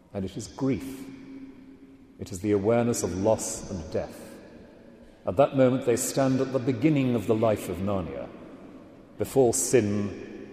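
A man giving a measured, reflective literary lecture and reading passages aloud. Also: on the low side, mellow. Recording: echoey hall with long reverb.

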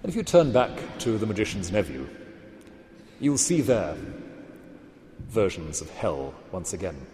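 A man giving a literature lecture, speaking deliberately and with emphasis. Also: on the low side, very animated, a little mellow, roomy sound, big-room sound, slight background noise.

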